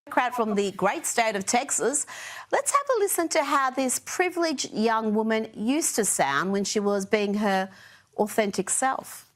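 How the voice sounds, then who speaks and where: A woman's voice: a little high, expressive, measured pace, a bit bright. Sarcastic female news commentator. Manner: sarcastic, pointed. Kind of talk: broadcast commentary.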